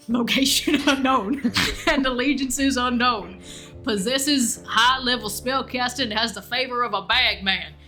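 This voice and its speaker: A woman's voice: on the high side, bright, forceful tone. A young woman player reading a text aloud steadily, with small slips. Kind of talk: reading aloud in a tabletop game.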